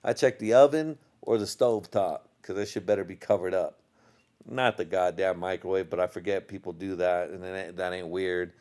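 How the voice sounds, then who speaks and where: A slightly low-voiced man rambles through a casual podcast monologue, cursing freely and breaking into laughter. He sounds a little tipsy, loose and unfiltered as he talks straight to his listeners. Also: fairly even intonation, normal speed, darkish tone. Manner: profane, rambling storyteller with bursts of laughter. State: tipsy from drinking. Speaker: podcast host.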